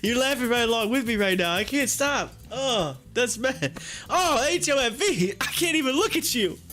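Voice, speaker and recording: Giggling high-voiced man on a stream. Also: animated, normal speed, sharp tone, soft background music. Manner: laughs helplessly, reads chat aloud. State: laughing to tears. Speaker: live stream host. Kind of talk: casual live-stream chat.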